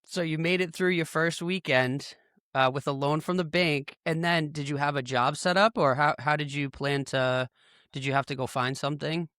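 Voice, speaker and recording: A man's voice: a little high, fairly even intonation, normal speed, fairly bright tone, clean tone, no echo, studio quality. A man hosting a podcast, chatting in a thoughtful, hesitant way with frequent restarts. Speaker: podcast host. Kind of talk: casual interview chat.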